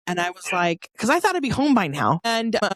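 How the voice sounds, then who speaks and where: A middle-aged woman from Northern California, a podcast guest telling a personal story in a lively, chatty way and acting out the dialogue. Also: medium pitch, a little fast, no room sound, studio quality.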